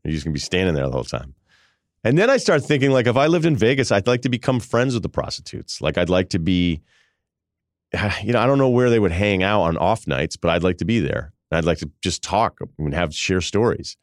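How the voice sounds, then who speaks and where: A man's voice: fairly low pitch, fairly quick, no echo, clean studio sound. A male podcast host in his forties, telling a rambling, self-amused comic story in casual chat. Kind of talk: casual comedic monologue.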